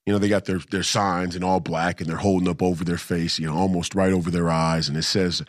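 A man's voice: sits low, level tone, brisk, no room sound. Emphatic man telling a story, dry sound. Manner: emphatic, repetitive, combative. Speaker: political commentator. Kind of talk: casual storytelling monologue.

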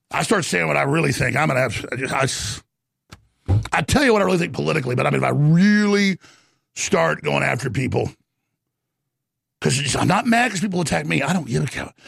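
A middle-aged man hosting a radio talk show, ranting through an angry political monologue with bursts of shouting. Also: fairly high pitch, dry recording, studio quality. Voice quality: gravelly.

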